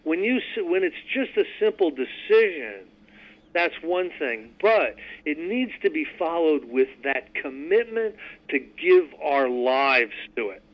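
A man's voice: on the high side, sing-song, unhurried. A man hosting a radio talk, speaking earnestly and emphatically about recovery, at times reading aloud. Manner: earnest, emphatic, repeats words. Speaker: radio host teaching recovery steps. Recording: muffled radio recording.

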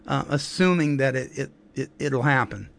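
Man co-hosting, quick agreeable replies, middle pitch, casual. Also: creaky. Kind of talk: casual chat.

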